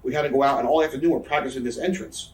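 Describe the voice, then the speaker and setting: A man's voice: medium pitch, fairly even intonation, racing. A man in his thirties telling rambling, profane, self-mocking stories as an interview guest. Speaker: interviewee, professional wrestler. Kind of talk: casual storytelling interview. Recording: roomy room, mic set far off.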